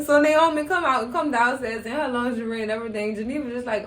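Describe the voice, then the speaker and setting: In an echoey room and far from the mic, a young female recap channel host talks casually about a show. She speaks a little high and fast with few pauses, often laughing and acting out quotes.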